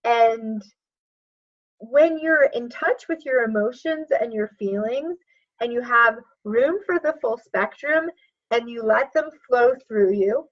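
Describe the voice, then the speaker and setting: A woman's voice: on the high side, lo-fi sound. A woman coach as a podcast guest, reflective and chatty, with many fillers. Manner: reflective, speaks in quick bursts with many fillers like "like". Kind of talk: conversational interview.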